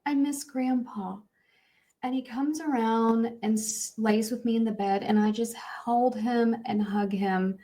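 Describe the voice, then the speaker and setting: A woman's voice: fairly high pitch, steady tone, measured pace, few pauses, dark tone. A middle-aged woman co-hosting a podcast, sharing a personal story in an emotional, earnest way with lots of fillers. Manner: emotional, earnest, tells stories with many fillers. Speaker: podcast co-host. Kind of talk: candid conversational storytelling.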